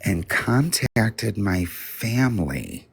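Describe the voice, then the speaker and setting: A man with a low, gravelly, very husky voice tells a family story on a livestream. He talks slowly and bluntly and swears freely. The sound is dry and close to the mic. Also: big pitch swings. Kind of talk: casual storytelling.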